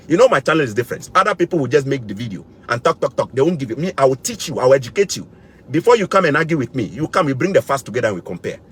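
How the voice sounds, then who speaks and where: A West African man living in Canada lectures his viewers in a vlog, speaking straight to them. He's emphatic and keeps repeating his points. His voice is mid-range, with a little background noise.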